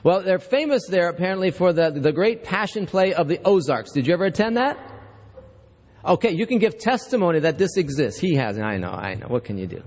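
A man's voice: high-pitched, lively intonation, a little fast, darkish tone. A man preaching as pastor, reading scripture and telling a story to the congregation in a conversational way. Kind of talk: sermon with scripture reading and joke. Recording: echoey church hall.

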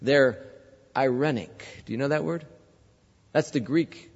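A man's voice: medium pitch, unhurried, husky, big-room sound, highs cut off. A male pastor preaching a sermon, conversational, telling a story and asking the congregation questions. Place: church.

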